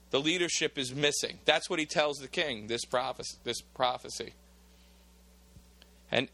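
Male preacher telling a bible story, bright sharp voice kinda high, dry close sound, gets really animated. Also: dry recording. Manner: animated, dramatizing, reads aloud in old bible wording. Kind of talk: expository sermon retelling scripture.

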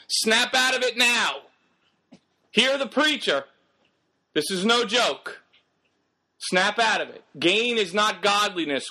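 A man's voice: high-pitched, sharp tone. A man preaching a sermon in an emphatic, exhorting way, firing rhetorical questions at the congregation.

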